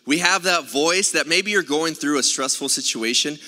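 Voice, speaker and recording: A man's voice: a little high, moderate pace, bright, forceful tone. A man preaching a sermon as pastor, telling a story in a conversational way with many filler sounds. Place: church sanctuary. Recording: reverberant church hall.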